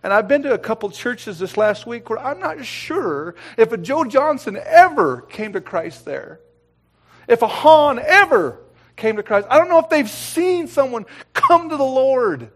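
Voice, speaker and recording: A middle-aged man preaching a sermon, swinging between loud, emphatic lines and quiet, hushed ones. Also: very high voice, very animated, measured pace.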